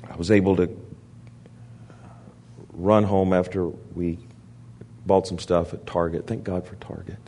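A man preaching to a church, telling animated stories and laughing often between lines. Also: low voice, slight background noise. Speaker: guest preacher. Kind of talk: storytelling sermon.

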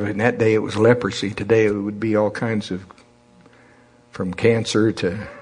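A man's voice: on the low side, darkish tone, husky. A man preaching a sermon in a folksy, conversational way, calling on the congregation to repeat after him.

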